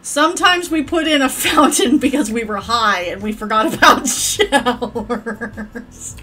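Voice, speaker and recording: A woman's voice: fairly high pitch, measured pace, bright, forceful tone. A woman streaming a game, rambling to her viewers and cursing at her characters in crude, profane chat. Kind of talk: casual gameplay commentary.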